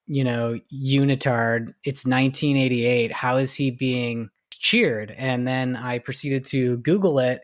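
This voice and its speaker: A man co-hosting a podcast, recounting things in a rambling casual way with lots of "like" and "you know". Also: medium pitch. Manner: rambling, many fillers and restarts while recounting. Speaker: podcast co-host. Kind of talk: casual chat.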